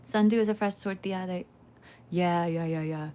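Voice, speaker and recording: A woman's voice: on the low side, steady tone, normal speed, warm tone, slight background noise. A young woman livestreaming while making pottery, chatting casually and giggling with her viewers. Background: faint game music.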